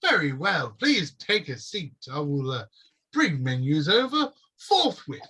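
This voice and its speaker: A man's voice: a little high, sing-song, a little slow, pushed and bright, slightly rough, exaggerated voice. A man voicing a courteous, prim male elf shopkeeper who greets customers in a formal, sing-song way.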